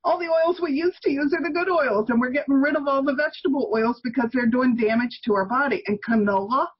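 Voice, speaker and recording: A woman's voice: sits high, fast talker, breathy edge, dull audio. A woman in her sixties, a guest on an interview podcast, explaining health views in an emphatic, opinionated way. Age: 60s. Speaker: guest, toxin elimination author.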